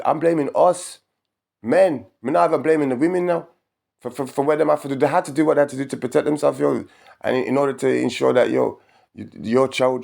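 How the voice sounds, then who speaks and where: A man an edge, talking in an animated, preachy, rambling way about spirituality and laughing often between points. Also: mid-range voice, creaky. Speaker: vlogger.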